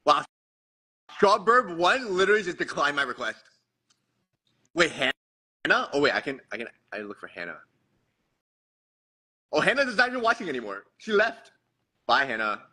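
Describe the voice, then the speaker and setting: Playful, bright-voiced man hosting a livestream. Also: sits high, big pitch swings. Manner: playful, self-mocking, rambling with quick restarts. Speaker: livestream host. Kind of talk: casual livestream chat.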